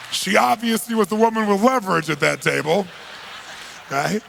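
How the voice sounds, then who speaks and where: Gravelly, emphatic middle-aged man telling a story. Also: fairly high pitch, moderate pace, long pauses, a little hiss or hum. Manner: emphatic, swings from loud to hushed. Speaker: motivational speaker. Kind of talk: motivational storytelling.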